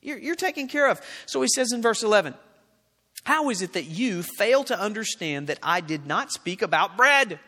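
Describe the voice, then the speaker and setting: A male pastor delivers a sermon in a high, ringing voice. He reads scripture aloud, presses the point home and throws questions at the congregation. His voice echoes with the long reverb of a large hall. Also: lively intonation, normal speed, bright, forceful tone.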